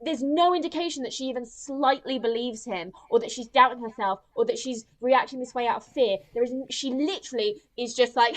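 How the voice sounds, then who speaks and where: A woman's voice: sits high, a little fast, hardly any pauses. Ranting woman podcast host. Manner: ranting, sweary, animated mimicry of characters. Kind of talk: casual film review chat.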